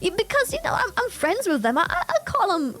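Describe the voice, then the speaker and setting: A woman's voice: very high-pitched, wildly swooping pitch, fast, a bit bright. A woman hosting a casual stream chat, blunt and laughing often, swearing freely. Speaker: streamer host.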